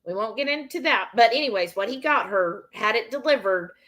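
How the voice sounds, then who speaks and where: A woman's voice: fairly high pitch, lively intonation, fairly quick, a bit bright. Chatty woman co-hosting a cooking stream. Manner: chatty storyteller who acts out quoted dialogue. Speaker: livestream cooking show co-host. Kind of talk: casual chat.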